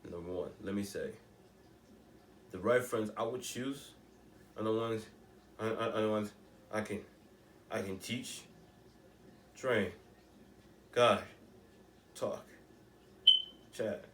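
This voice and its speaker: A man's voice: on the low side, takes it slowly, pauses often, echoey room, recorded from a distance, a little hiss or hum. A teenage boy talking in a rambling, emphatic way, often restarting and asking rhetorical questions. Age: teens. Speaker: vlogger. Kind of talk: casual monologue to camera.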